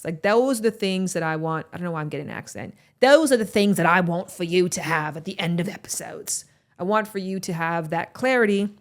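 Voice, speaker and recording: A woman hosting a podcast, talking candidly and reflectively to her listeners. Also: lowish voice. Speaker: podcast host. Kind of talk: solo podcast talk reading listener reviews.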